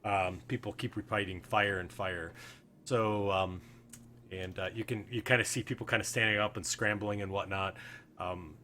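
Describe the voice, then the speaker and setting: Low-voiced man running a tabletop game. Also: a little hiss or hum. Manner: relaxed, filler-heavy narration with quick guard voices. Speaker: game master.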